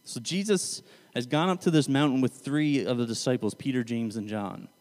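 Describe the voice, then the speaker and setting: A man's voice: mid-range voice, normal speed, darkish tone, long reverb tail. A man giving a casual Bible teaching, talking in a loose, conversational way and often correcting himself mid-sentence. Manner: conversational, self-correcting, paraphrasing scripture loosely.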